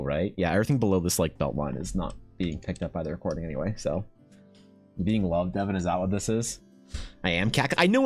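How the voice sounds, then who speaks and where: Excitable Canadian man, low voice. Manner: excitable, swears a lot, mock-exasperated at chat. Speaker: artist streamer. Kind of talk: casual livestream chat while drawing.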